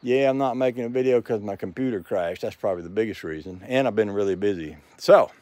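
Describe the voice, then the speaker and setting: A man's voice: on the low side, fast, a little mellow, no echo. An older man, talking in a rambling, folksy way as a vlogger, tired and a little out of breath, outdoors by his house. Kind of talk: casual rambling vlog.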